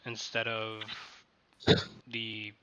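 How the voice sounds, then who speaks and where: A man running a tabletop game playtest as game master, narrating haltingly and often restarting his sentences. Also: lowish voice, monotone, sharp tone, dull audio, slight background noise.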